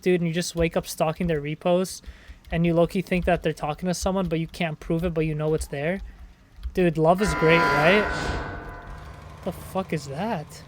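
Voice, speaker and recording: A man's voice: high-pitched, a little hiss or hum. A young man giving casual gameplay commentary, rambling in slang with sudden startled outbursts. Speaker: gaming streamer.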